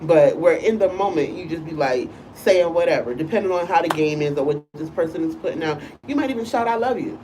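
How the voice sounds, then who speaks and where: A woman with a low, animated voice co-hosts a casual live-stream chat, talking fairly quickly with few pauses. She's a school teacher who speaks loosely and keeps asking "you know what I'm saying," her voice a bit far from the mic over a noisy background.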